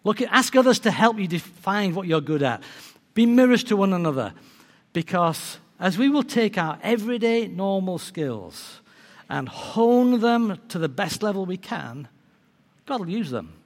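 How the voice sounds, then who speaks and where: A man preaching a sermon, telling a story in a lively way and acting out its characters. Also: high-pitched, a little slow. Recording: long reverb of a large hall.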